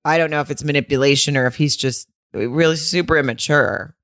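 A woman's voice: low voice, brisk, fairly bright tone, dry recording, clean studio sound. A woman co-hosting a podcast in casual chat, laughing often and retelling scenes in quoted voices. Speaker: podcast co-host.

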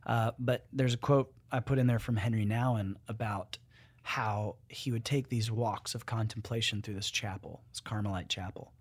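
Animated, joking man in a dry room. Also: lowish voice, normal speed, no echo. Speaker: guest, author and musician. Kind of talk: casual conversation.

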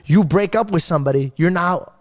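A young man co-hosting a podcast in casual chat, animated and acting out little voices to make his points. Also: high-pitched, brisk. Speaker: podcast co-host.

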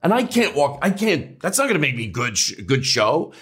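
Brief: man, comedian guest, fairly high voice with lively swings, rambling and profane. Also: normal speed. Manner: animated, rambling, restarts and swears. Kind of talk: casual interview chat.

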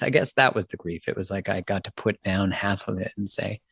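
Male host, lowish pitch, dry close sound, earnest and halting. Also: fairly even intonation, creaky, husky, no room sound. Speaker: podcast host. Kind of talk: casual podcast conversation.

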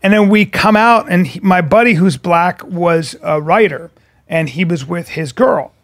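A man co-hosting a podcast, telling rambling, animated stories in casual chat and swearing a lot. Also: sits high, unhurried. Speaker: podcast co-host.

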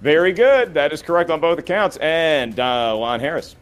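A man's voice: a little high, expressive, normal speed, clean tone, soft background music. A man hosting a trivia game show, reading questions and counting down with playful, teasing banter.

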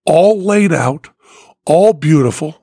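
A man hosting a podcast, telling animated anecdotes in casual chat with a gravelly, husky voice. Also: a little high, slow pace, no room sound, clean studio sound. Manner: animated anecdote teller, often laughing. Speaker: podcast host.

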